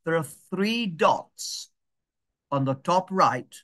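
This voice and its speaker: A man giving a patient, step-by-step digital skills lesson over a video call, repeating steps slowly and checking that people can follow. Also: a little high, animated, pushed and bright.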